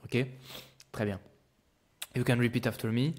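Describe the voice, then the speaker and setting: A man's voice: mid-range voice, fairly even intonation, normal speed, long pauses. A man teaching pronunciation, patiently exaggerating each sound for the learner. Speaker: language teacher. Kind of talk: pronunciation lesson.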